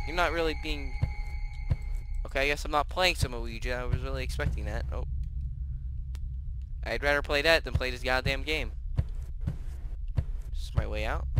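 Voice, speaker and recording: A young man giving casual gameplay commentary, sarcastic and profane, with sudden loud outbursts. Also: medium pitch, noisy background. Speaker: gaming commentator. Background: game music.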